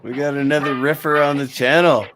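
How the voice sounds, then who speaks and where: A man's voice: mid-range voice, brisk, noisy background. A man hosting a stream, joking casually as he riffs on a movie. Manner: animated, joking. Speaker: stream host. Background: film audio and music.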